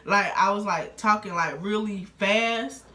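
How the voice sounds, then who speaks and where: In this casual storytime vlog, a young adult woman speaks a little slowly, her mid-range voice pushed and bright, meandering conversationally with many fillers. There's roomy echo throughout.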